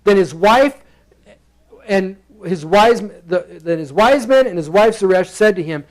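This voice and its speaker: A high-pitched male pastor preaching from the pulpit, playful and animated as he acts out the characters. He talks to the congregation like a friend, breaking into quick voices for each character. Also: rough recording. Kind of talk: expository sermon. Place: church sanctuary.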